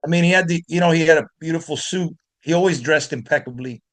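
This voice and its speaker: A man from Miami, a guest blues guitarist, telling animated stories in an interview with frequent restarts. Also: fairly high pitch, fast talker. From Miami, United States. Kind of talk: storytelling in an interview.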